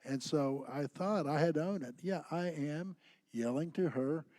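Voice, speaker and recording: A man co-teaching a church class who shares personal stories in an animated, conversational way. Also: a little high, unhurried, dry recording. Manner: anecdotal, animated storyteller.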